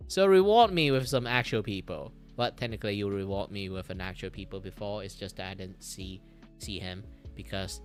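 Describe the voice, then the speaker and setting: A man chatting casually on a live stream while he draws. He rambles, sounds dizzy and disoriented, and breaks into sudden loud outbursts, swearing and laughter. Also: fairly low pitch, moderate pace, clean tone, faint music behind. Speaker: art streamer.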